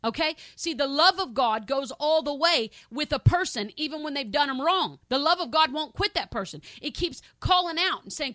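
A woman preaching a sermon with fervent, repetitive emphasis, swinging between loud exclamations and soft pleading prayer. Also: sits high, lively intonation, moderate pace, hardly any pauses, dry recording, studio quality. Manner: fervent, repetitive, addresses listeners as saints.

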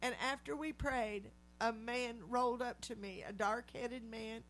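High-voiced woman telling a testimony sermon. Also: unhurried, a little hiss or hum. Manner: animated storytelling, acting out quoted voices. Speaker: lay preacher.

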